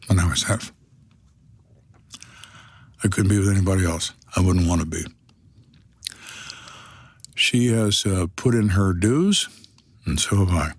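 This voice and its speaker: A man's voice: low voice, husky. Blunt, dry-humored man in his 60s. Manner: blunt, dry, wry storytelling. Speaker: retired detective, podcast host. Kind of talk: storytelling on a podcast.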